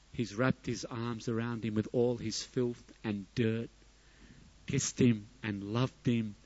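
A middle-aged man preaching a sermon, his voice swelling to loud emphatic peaks and then dropping soft. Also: mid-range voice, no echo, highs cut off. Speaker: pastor.

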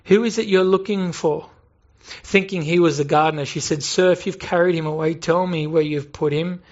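Man preaching a sermon, high voice, earnest, rhetorical questions, dull lo-fi sound. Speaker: pastor.

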